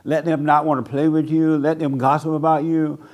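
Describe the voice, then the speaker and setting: An older man preaching a blunt sermon to a small group, mocking people by acting them out in a higher voice. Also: level tone, moderate pace, darkish tone. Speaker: pastor.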